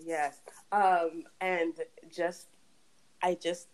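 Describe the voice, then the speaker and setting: A woman's voice: lowish voice, little pitch movement, extremely slow, poor audio. A young woman hosting a casual faith chat, talking in a chatty way with frequent laughs and restarts. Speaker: podcast host.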